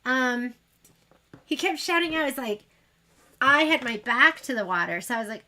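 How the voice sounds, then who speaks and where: A woman's voice: high voice, animated, normal speed, bright, forceful tone. A woman hosting a sewing livestream, chatting casually and rambling while she demonstrates. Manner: chatty, rambling, self-deprecating. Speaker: sewing shop livestream host.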